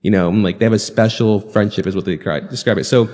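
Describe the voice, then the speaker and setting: A man with a low voice chats casually on a podcast, rambling through an anime recap and slipping into quick acted-out lines of dialogue. He swears freely and talks loosely. His voice carries a long reverb tail. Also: fairly even intonation, darkish tone. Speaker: podcast co-host.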